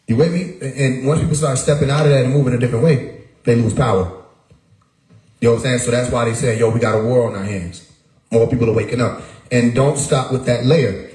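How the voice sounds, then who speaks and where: Man, livestream host, emphatic, repeats himself, mid pitch, echoey room. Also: darkish tone. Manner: emphatic, repeats words, rhetorical questions. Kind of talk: casual livestream monologue.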